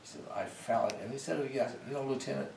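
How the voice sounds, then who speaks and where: A man's voice: medium pitch, very fast, vocal fry. An older man, a military veteran, telling folksy stories from his service days in a casual interview. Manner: folksy, animated when recounting arguments. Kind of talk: casual storytelling. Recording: roomy, distant mic with faint noise.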